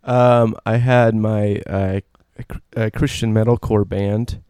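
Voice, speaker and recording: Low-voiced musician guy on a radio show, slow and hesitant, lots of uh's, dry close sound. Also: steady tone, darkish tone, clear, resonant tone, dry recording. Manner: halting, with many fillers. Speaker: studio guest musician. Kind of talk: casual radio chat. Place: radio studio.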